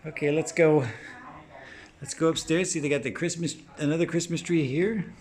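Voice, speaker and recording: A man's voice: a little high, fairly even intonation, moderate pace, darkish tone. A man narrating a casual walkthrough of a house as he films it, pointing things out as he walks from room to room. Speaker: house tour vlogger. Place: inside a large house.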